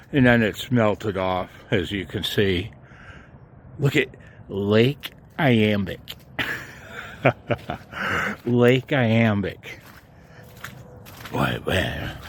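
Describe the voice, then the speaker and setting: A man's voice: lowish voice, slight background noise. A man chatting casually to viewers in a home vlog about his radio setup, chuckling often as he rambles in a folksy way. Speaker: amateur radio vlogger. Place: home and yard.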